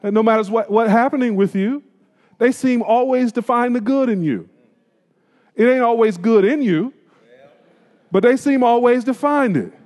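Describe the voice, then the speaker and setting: High voiced pastor man preaching, folksy, asks the crowd stuff, big church reverb. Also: normal speed, long pauses, darkish tone. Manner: preaching with call-and-response questions and colloquial phrasing. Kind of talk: sermon. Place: church sanctuary. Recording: long reverb of a church hall.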